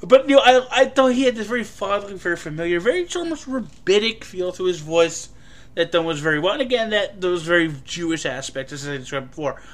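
A man giving a casual, rambling film review, full of fillers and an animated delivery. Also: sits high, brisk.

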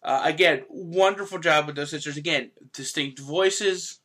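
A man's voice: a little high, moderate pace, fairly bright tone. A man giving a casual, rambling spoken review of a dub's voice cast, with frequent fillers and restarts. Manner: rambling, with fillers and self-corrections. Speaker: anime reviewer.

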